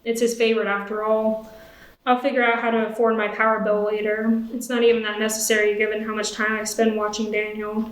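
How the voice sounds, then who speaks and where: A woman's voice: fairly high pitch, roomy sound, poor audio. Young woman reading a story on stage. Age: young adult. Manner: steady first-person reading. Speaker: student reader. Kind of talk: reading fiction aloud. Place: stage at a live event.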